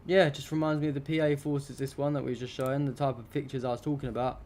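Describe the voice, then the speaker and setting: A man's voice: mid-range voice, flat delivery, fast, darkish tone. A young adult man hosting a live stream, commenting on news pictures in an indignant, rambling, heavily profane way.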